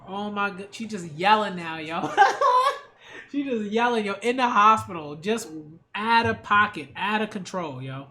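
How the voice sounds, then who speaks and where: A woman's voice: mid-range voice, animated, a little slow, bright, forceful tone. A woman reacting to an anime episode in a casual, slangy, exclamatory way. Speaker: manga and anime reviewer.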